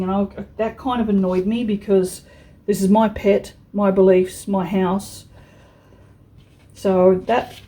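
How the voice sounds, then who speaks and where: A woman's voice: mid-range voice, dark tone, a little hiss or hum, poor audio. A woman vlogger chatting frankly while she works on a craft project, with mild swearing and many restarts. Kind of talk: casual chat while crafting.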